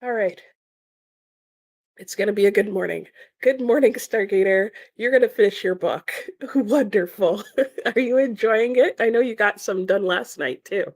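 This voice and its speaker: A livestream host with a medium-pitched voice talks at a moderate pace, with no echo in the recording. In casual chat she reads viewer comments, still half-asleep, giggling and fumbling her words.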